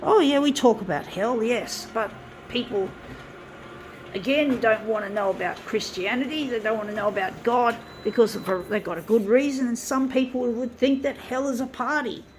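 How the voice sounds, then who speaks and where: A woman's voice: on the high side, moderate pace, a little hiss or hum. A woman ranting angrily to her viewers, swearing and repeatedly calling them "folks.". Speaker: vlogger. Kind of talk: ranting monologue to camera.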